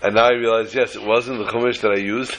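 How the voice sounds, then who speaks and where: A low-voiced man gives an informal religious talk, drifting from a personal anecdote into a teaching story. He rambles and corrects himself as he goes. Faint background noise runs beneath his voice. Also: flat delivery, quick pace, fairly bright tone, poor audio.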